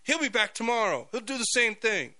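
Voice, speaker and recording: Fed-up gas station owner, high and bright, resigned complaint, put on by a male host. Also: very animated, brisk, dry recording, heavily acted.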